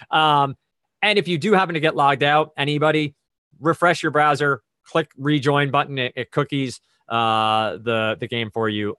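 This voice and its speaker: A man's voice: mid-range voice, fairly bright tone, no room sound, clean studio sound. A man hosting a trivia quiz over a video call, explaining the rules and reading clues in a conversational, methodical way with chatty asides.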